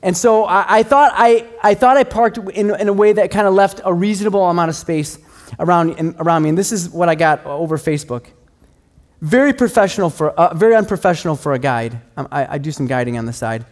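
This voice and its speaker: Conversational, self-deprecating middle-aged pastor. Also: male voice, sits high, fairly quick. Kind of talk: sermon.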